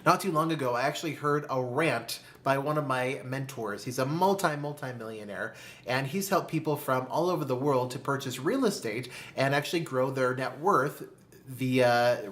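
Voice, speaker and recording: Deliberate motivational money-talk host. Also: medium pitch. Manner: addresses listener as "my friend", asks rhetorical questions; slow, deliberate emphasis on key phrases. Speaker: personal finance video host.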